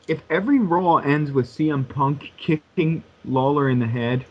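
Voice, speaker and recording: A man's voice: a little high, normal speed, breathy edge. A man on a podcast, throwing in short wry comments in casual chat. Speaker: podcast co-host. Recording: dull lo-fi mic.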